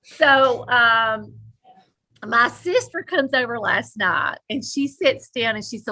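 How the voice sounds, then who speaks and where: A woman co-hosting a podcast, telling a story in animated casual chat and laughing often. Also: a little high, takes it slowly. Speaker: podcast co-host.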